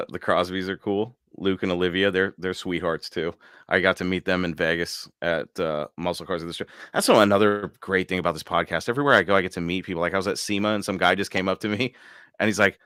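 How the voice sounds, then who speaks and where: A man hosts a live car podcast in an easygoing, excitable way, breaking into laughter often. His voice sits very low. The sound is close and dry. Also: quick pace, smooth, no room sound. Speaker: podcast host. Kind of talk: casual live-stream chat.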